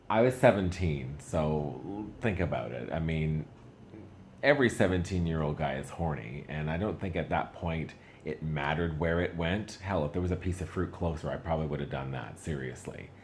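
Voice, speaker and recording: Very deep-voiced man doing stand-up. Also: darkish tone, a little hiss or hum. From Canada. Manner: chatty and self-mocking, voice jumps up for punchlines. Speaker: stand-up comedian. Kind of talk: stand-up comedy set.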